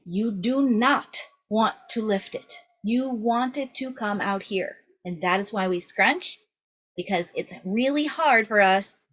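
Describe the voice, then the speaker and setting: A young adult woman teaching a singing lesson, upbeat and demonstrative, checking in with "right?" after nearly every phrase. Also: medium pitch. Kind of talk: vocal lesson to camera.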